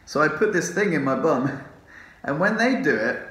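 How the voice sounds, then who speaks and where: A man's voice: on the high side, expressive, measured pace, fairly bright tone. A man vlogging casually from a rehab ward, rambling, drowsy from morphine, swearing and laughing often. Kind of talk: casual vlog chat. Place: rehab hospital room. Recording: roomy echo.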